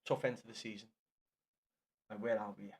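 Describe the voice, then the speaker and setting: A man's voice: lowish voice, little pitch movement, moderate pace, slightly rough. A young man chatting casually with his live-stream viewers in blunt, sweary banter. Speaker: livestreamer.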